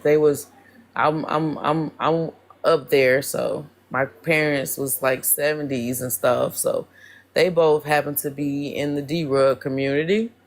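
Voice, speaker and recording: A guest on a livestream talking about losing a grandmother and faith, halting, restarting and filling with "like". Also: medium pitch. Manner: slow, halting, many restarts and "like"s. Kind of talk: casual chat.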